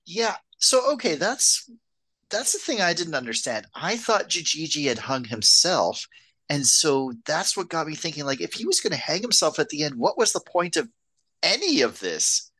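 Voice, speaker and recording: A woman's voice: low voice, moderate pace, breathy edge. A woman co-hosting a podcast, chatting casually about a film and laughing often as she talks. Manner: relaxed, laughs often while talking. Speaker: podcast co-host.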